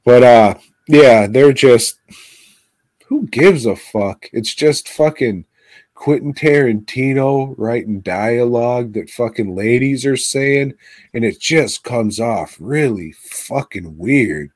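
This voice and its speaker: A man co-hosting a podcast, talking about movies in a crude, sarcastic way full of swearing and sudden loud outbursts. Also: mid-range voice, slow, no echo. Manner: profane, sarcastic, animated outbursts. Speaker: podcast co-host. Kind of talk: crude casual film chat.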